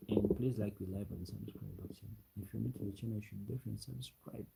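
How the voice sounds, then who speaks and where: A man's voice: on the low side, fairly even intonation, fast, creaky, very noisy. A man from Uganda with a Ugandan English accent, chatting casually on a late-night live stream and reading out viewer comments. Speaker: livestreamer. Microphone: ring light setup, webcam.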